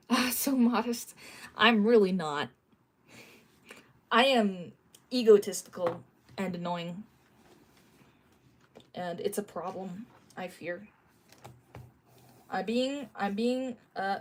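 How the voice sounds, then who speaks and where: A woman streamer chatting casually with her live chat while she draws. She giggles often and jokes around, and sometimes bursts into playful mock yelling. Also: medium pitch, a little hiss or hum.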